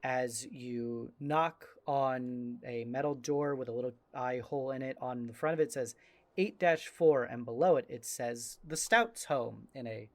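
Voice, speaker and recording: Relaxed male game master, dry sound. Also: medium pitch, unhurried, dry recording. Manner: relaxed, descriptive, with many "uh" fillers. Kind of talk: narrating a tabletop role-playing game.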